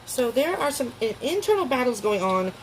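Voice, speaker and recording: A woman's voice: a little high, big pitch swings, normal speed, rough recording. Tarot reader, woman, casual and emotional delivery, frequent laughs and restarts, faint background noise. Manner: chatty, emotional, laughs often, restarts sentences.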